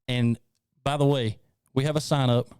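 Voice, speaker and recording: A man's voice: mid-range voice, fairly even intonation, moderate pace, darkish tone, smooth, no room sound, studio quality. A man hosting a casual podcast, upbeat and joking, laughing often. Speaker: host.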